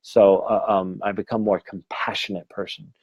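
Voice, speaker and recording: A man's voice: on the low side, level tone, normal speed, darkish tone, slightly rough, no room sound, highs cut off. A man giving a casual livestream talk as a medium, earnest and rambling, restarting his sentences and swearing now and then. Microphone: phone or webcam livestream.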